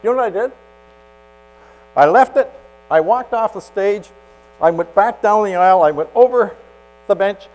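A male pastor delivering a dramatic storytelling sermon. His voice sits slightly high and leaps around in pitch, swinging between loud emphasis and hushed asides. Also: expressive, normal speed, long pauses, poor audio.

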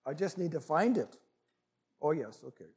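A man preaching a sermon in an earnest, deliberate way. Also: a little high, big pitch swings, darkish tone.

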